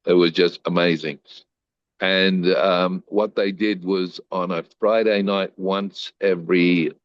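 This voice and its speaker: An older man from Australia, a guest in an interview, telling animated anecdotes and acting out the lines of the people in them. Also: low-pitched, takes it slowly, no room sound, dull audio. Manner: animated storyteller who acts out quoted lines.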